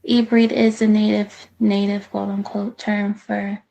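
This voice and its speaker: A woman's voice: medium pitch, flat delivery, measured pace, vocal fry, mellow, dull audio. A woman hesitantly reading viewer questions aloud to a religious teacher on a live stream.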